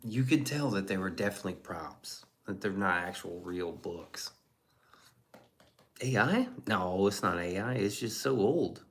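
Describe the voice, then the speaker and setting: Low-voiced man swearing through casual chat. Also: expressive, unhurried, fairly bright tone. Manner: profane, rambling, chuckling asides. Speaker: streamer reading chat.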